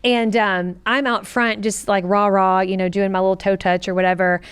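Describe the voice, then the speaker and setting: Co-host, middle-aged woman: earnest, animated storyteller with a smooth, clear voice. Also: medium pitch, moderate pace. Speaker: podcast co-host. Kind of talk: personal storytelling in a casual chat.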